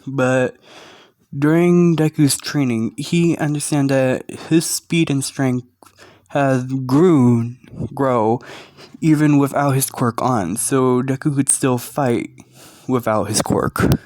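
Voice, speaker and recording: A man narrating a fan story in a halting, hesitant way, speaking quietly with a sore throat. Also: mid-range voice, dry recording.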